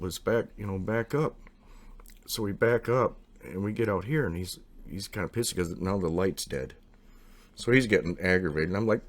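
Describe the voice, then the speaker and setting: A man casually telling a long, rambling personal story, acting out what people said. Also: fast talker. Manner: rambling, animated, acts out quotes with raised pitch.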